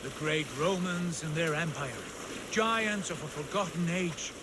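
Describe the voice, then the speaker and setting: A man's voice: a little high, measured pace, noisy background, lightly acted. A man voicing a proud Viking jarl. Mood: solemn. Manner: solemn, declaiming. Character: proud male Viking jarl, commanding leader. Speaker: jarl leading a war band. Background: game music.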